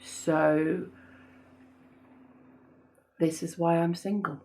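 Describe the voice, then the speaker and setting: A woman book vlogger chatting casually in a put-on snobbish accent, playful and self-mocking, her pitch swooping up and down. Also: steady tone, extremely slow, dark tone. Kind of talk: casual chat.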